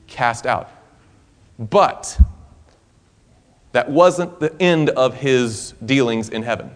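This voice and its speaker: A man preaching a sermon, telling a story in an animated, conversational way that is full of restarts. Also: medium pitch, slow.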